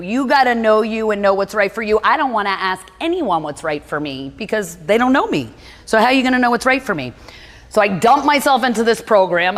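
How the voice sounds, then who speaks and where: A woman's voice: mid-range voice, a bit bright. A middle-aged woman, a gym owner and motivational speaker, telling a personal story in a blunt, direct way. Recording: long hall reverb.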